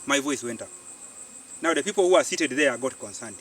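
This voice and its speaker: A Ugandan man, a farmer and community organiser, telling his story in an animated way and repeating phrases for emphasis, recorded outdoors. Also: mid-range voice, fairly quick, a little hiss or hum. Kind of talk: storytelling interview. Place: outdoors on a farm. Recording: distant mic outdoors, faint insects.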